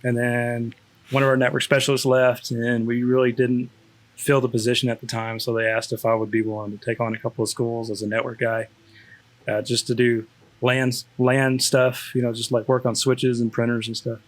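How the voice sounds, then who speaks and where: A man's voice: medium pitch, little pitch movement, normal speed. A man, a school district network specialist, chatting casually with many restarts and fillers. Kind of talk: casual chat.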